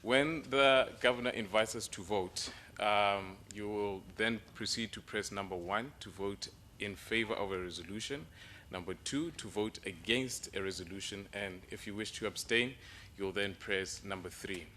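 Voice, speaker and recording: A man with a South African accent giving clear step-by-step instructions to a meeting audience. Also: on the low side, moderate pace, sharp tone, slight background noise. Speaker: presenter explaining voting devices. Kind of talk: instructional announcement.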